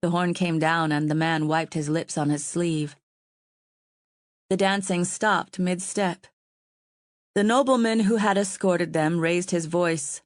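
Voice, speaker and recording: A woman reading an audiobook aloud in a steady, even way. Her voice sits on the low side, and the recording is dry and close. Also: a little slow, dry recording. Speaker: audiobook narrator. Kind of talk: scripted audiobook narration.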